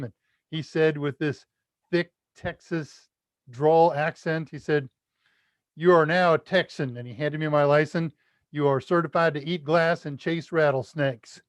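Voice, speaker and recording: A man's voice: on the high side, clean tone, no room sound. A man from the United States hosting a casual live Q&A stream, chatty and self-deprecating, reading out viewer comments and laughing at his own jokes. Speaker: livestream Q&A host.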